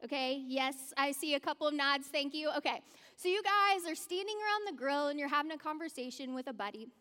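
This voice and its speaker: A woman's voice: high-pitched, expressive, a little fast, bright, forceful tone. A woman speaking in a church, giving a conversational sermon and addressing the congregation directly. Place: church hall. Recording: long church-hall reverb.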